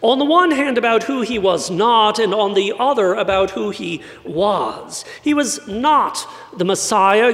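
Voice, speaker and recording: High-voiced man preaching in a reverberant church. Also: fairly bright tone. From San Antonio, Texas. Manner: high, light voice often mistaken for British; wry, conversational storytelling. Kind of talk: sermon.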